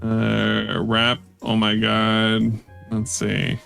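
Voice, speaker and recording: A man's voice: fairly low pitch, monotone, very slow, creaky, fairly bright tone, soft background music. A man casually commenting on clips during a live stream, mocking and offhand. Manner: mocking, offhand, often swearing.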